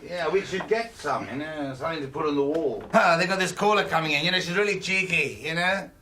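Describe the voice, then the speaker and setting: A sleepy, laid-back aging male rocker, put on by a man, mumbling and drifting between remarks. The voice is slightly high, with clear crowd noise around it. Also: a little fast, lightly acted.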